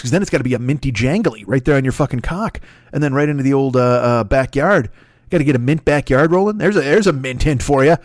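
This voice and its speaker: A man's voice: medium pitch, no echo, clean studio sound. A man in his forties hosting a solo comedy podcast, rambling through profane, self-mocking tangents. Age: 40s. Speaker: podcast host.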